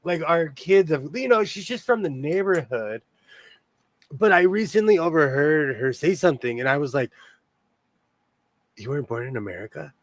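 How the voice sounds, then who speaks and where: Chatty man with a high voice. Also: expressive, moderate pace, no room sound. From California. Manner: rambling, laughs often. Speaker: podcast host. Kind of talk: casual chat.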